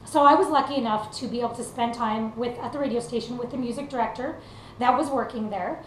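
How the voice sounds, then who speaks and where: A woman's voice: on the high side, fast. A young woman from Canada, a country singer, giving an earnest, casual motivational talk with lots of fillers. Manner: earnest, conversational, many fillers. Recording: echoey room with faint noise.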